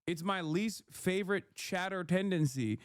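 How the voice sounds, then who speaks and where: A man's voice: high-pitched, a little slow, clean tone, no room sound, clean studio sound. A man streaming, heatedly reacting to and reading out chat messages, swearing often. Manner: heated, profane, reads chat messages aloud. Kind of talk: casual livestream rant.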